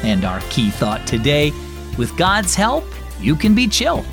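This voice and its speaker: A man hosting and narrating a children's devotional story, upbeat and expressive, speaking to kids. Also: a little high, measured pace, music in the background. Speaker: host and narrator.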